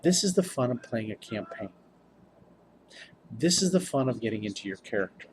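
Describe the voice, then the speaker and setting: A man's voice: medium pitch, very animated, normal speed, noisy background. A tired man, a game master, giving casual tips to camera in a rambling, upbeat way. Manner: rambling, self-interrupting, upbeat.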